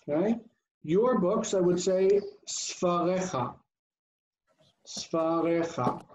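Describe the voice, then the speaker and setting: A man teaching an online grammar lesson, drilling terms slowly and deliberately and often checking in with the class. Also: high-pitched, mellow. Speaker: Biblical Hebrew teacher. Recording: dull lo-fi call audio, faint noise.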